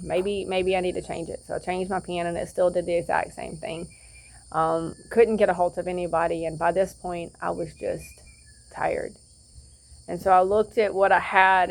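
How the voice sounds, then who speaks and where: A woman's voice: fairly low pitch, vocal fry. A woman sharing a personal testimony outdoors, rambling through her story with frequent fillers and restarts. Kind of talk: casual spoken testimony. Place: outdoor campsite.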